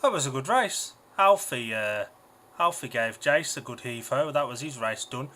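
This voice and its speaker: A man's voice: medium pitch, animated, moderate pace, sharp tone. A man, a young adult co-host, reading race lineups and giving blunt, emphatic opinions in casual banter. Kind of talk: speedway watch-along chat.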